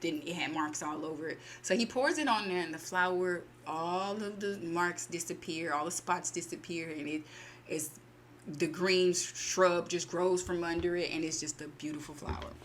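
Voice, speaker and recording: A woman casually retelling a short story to her channel, acting out the characters' lines with lively bursts. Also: fairly low pitch, normal speed, a little hiss or hum. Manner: animated, acts out character lines. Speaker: storytelling host.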